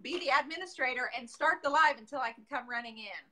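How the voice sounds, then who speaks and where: A woman with a high, bright voice hosts a casual livestream, chatting warmly with her guest and the viewers. She talks in an upbeat, easygoing way, as if over a video call. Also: quick pace. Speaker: host of a painting livestream.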